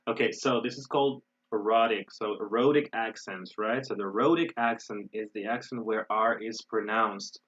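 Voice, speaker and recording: Husky American man teaching online. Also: on the low side, dull audio. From United States. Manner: relaxed, explanatory, with frequent fillers and restarts. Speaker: English teacher. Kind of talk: online webinar lesson.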